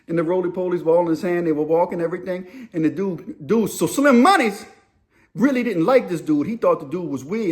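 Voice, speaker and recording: High-voiced man telling a slangy story. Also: quick pace. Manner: animated, slangy, rambling. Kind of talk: casual storytelling.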